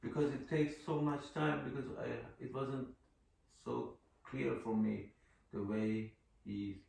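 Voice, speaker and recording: A man's voice: medium pitch, steady tone, takes it slowly, creaky, a little mellow. A man with a Persian accent, a native Persian speaker, studying poetry with a teacher and hesitating as he searches for words. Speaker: student reading poetry with a teacher. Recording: echoey room, voice from a distance.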